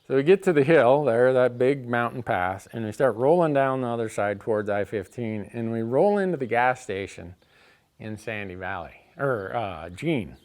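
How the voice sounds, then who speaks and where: A middle-aged man telling a comic story, exasperated, swinging between quiet asides and loud outbursts. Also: mid-range voice, expressive, moderate pace.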